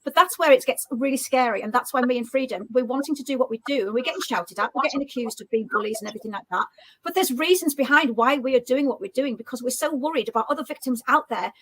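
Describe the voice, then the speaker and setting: A woman's voice: sits high, fast talker, fairly bright tone, poor audio. A woman co-hosting a casual online discussion, speaking indignantly. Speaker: co-host.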